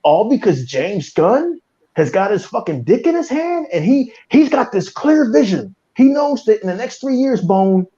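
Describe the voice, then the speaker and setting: In a muffled, lo-fi recording, a podcast host rages through a furious, cursing rant, hammering his points repeatedly. He speaks at a moderate pace with big pitch swings, his high voice carrying a dark, mellow timbre.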